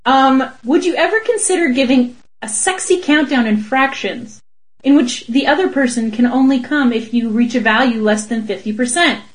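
A woman's voice: high voice, normal speed. A woman co-hosting a casual comedic chat, playful and bawdy, laughing often. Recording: voice recording.

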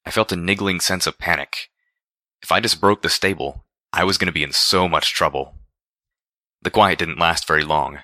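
A man narrating a first-person story with a steady, expressive reading. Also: sits low, normal speed, dry recording, clean studio sound. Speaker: audiobook narrator.

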